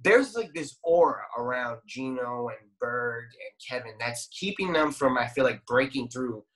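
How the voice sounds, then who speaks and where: A young man talks as a guest on a casual podcast, circling his point and restarting his sentences often. He swears freely and casually. His voice sits at a middle pitch. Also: animated, a little slow, fairly bright tone.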